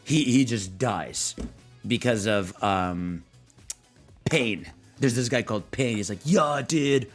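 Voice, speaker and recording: A man's voice: on the low side, slow, soft background music. Slangy young man streaming, rambling. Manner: rambling, laughing, slangy, voices quoted characters. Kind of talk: casual livestream chat, reading chat prompts.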